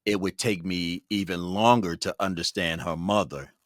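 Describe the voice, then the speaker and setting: Deep-voiced man hosting a podcast. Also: normal speed, dry recording, clean studio sound. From Brooklyn, New York. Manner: reflective storytelling, relaxed and personal. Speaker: podcast host. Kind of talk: conversational interview.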